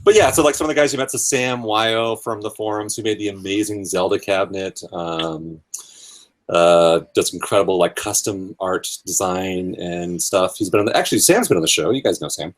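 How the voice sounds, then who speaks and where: A man's voice: low voice, normal speed. A man hosting a podcast in casual group chat, rambling with many fillers and freely swearing. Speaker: podcast host.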